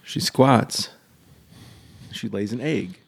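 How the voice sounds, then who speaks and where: A man's voice: mid-range voice, takes it slowly, creaky, slightly rough. A man in casual comedic chat, spinning absurd hypotheticals and laughing between lines.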